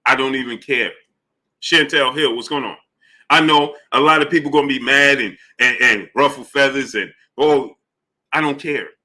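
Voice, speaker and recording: Bright-voiced man hosting a live stream. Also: mid-range voice, moderate pace. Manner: shouts out chat names between points, rising emphatic questions. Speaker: boxing channel host.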